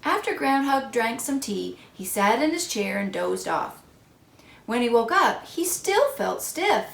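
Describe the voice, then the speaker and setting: A woman reading a picture book aloud for children in an expressive storytelling voice. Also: on the high side, measured pace, gravelly. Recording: echoey room.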